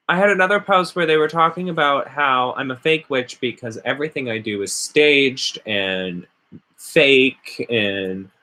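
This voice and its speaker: Chatty sarcastic guy venting on his channel, bright voice, pitch all over the place. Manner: sarcastic, rambling. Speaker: witchcraft vlogger. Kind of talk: casual ranting vlog.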